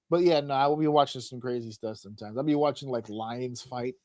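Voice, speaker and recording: A man's voice: medium pitch, a little fast, dry recording. A man co-hosting a casual podcast, telling funny stories with lots of swearing and acted-out voices. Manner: animated storyteller, acts out voices, swears freely. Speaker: podcast host. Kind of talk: casual comedic chat.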